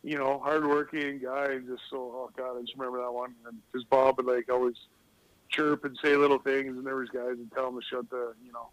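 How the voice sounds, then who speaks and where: A man's voice: mid-range voice, flat delivery, brisk, no echo, poor audio. Rambling storyteller man, dry close mic. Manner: rambling storyteller, laughs at his own stories. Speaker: guest, retired hockey player. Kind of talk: casual podcast interview.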